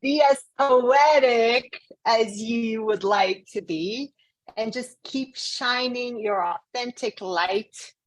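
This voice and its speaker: A woman's voice: a little high, slow pace, rough recording. A woman host and love coach giving earnest, heartfelt advice in a casual chat.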